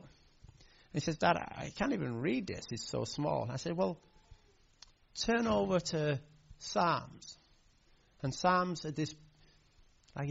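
Gravelly-voiced male pastor preaching. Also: on the high side, highs cut off. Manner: storytelling, heartfelt, with hesitant fillers. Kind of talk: sermon.

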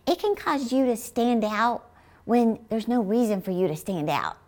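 A middle-aged woman preaching a sermon in an emphatic manner, often rising to high exclamations. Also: animated, moderate pace, darkish tone.

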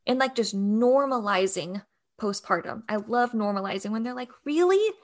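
A woman's voice: mid-range voice, normal speed. A young adult woman co-hosting a podcast, chatting casually with plenty of "like" and laughter. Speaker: doula podcast co-host.

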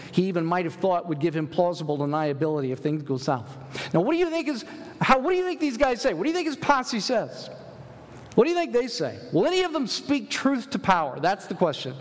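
A male pastor giving an animated sermon, asking rhetorical questions and reading scripture aloud. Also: high-pitched, a little fast, long reverb tail.

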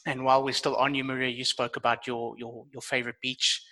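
Male podcast host, bright forceful voice, playful and teasing. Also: medium pitch, flat delivery, fairly quick, low-quality recording. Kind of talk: casual chat.

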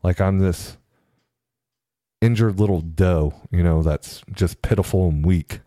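A man earnestly telling a personal story in a halting way, often repeating his words. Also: low-pitched, mellow, no room sound, clean studio sound. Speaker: storyteller sharing his experience.

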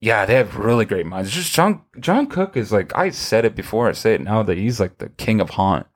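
A man's voice: on the low side, fairly quick. A man hosting a casual podcast chat, telling long rambling stories with many restarts. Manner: rambling, animated storytelling with many restarts and laughs. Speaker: podcast host.

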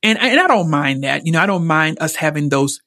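A middle-aged woman hosting a podcast, speaking openly and earnestly about a personal experience, emotionally expressive and at times repeating herself when moved. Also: low voice, a little fast, no echo, clean studio sound. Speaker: podcast host. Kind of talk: personal reflective monologue.

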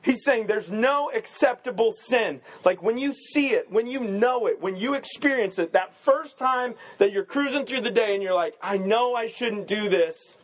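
A man pastor giving a casual, joking sermon, full of quick asides and rhetorical "right?" questions. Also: very high voice, expressive.

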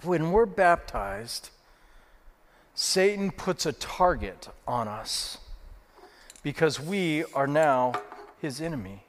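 A man preaches to his congregation, retelling stories with repeated phrases and a few fillers. His voice sits a little high. Long reverb from a large church hall surrounds him. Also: expressive, slow, gravelly, long pauses. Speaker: lead pastor. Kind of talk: sermon.

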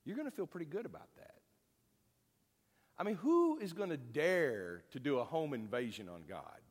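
A man's voice: fairly high pitch, very animated, moderate pace. Guy teaching bible class, casual and jokey, echoey big hall. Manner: folksy, conversational, jokey. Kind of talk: informal Bible lesson. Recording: long hall reverb.

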